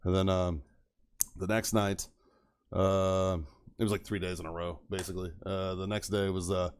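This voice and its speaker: A man's voice: deep voice, flat delivery, moderate pace, clean tone. A young man telling profane stories on a casual podcast, laughing often and acting out quoted voices. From Texas. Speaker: podcast co-host. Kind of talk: casual storytelling chat.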